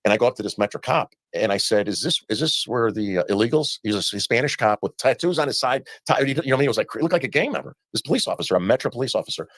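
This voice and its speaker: Fast-talking man telling a story. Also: medium pitch, lively intonation, fairly bright tone, no room sound. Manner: rapid storytelling with quoted dialogue. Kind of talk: storytelling in a played interview.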